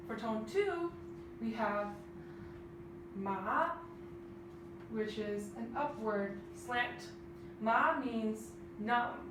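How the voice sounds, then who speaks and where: A woman explaining language tones slowly and carefully in an instructional video. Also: on the high side, noisy background. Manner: slow, careful, stressing each tone. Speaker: language teacher. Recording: echoey, distant mic with music.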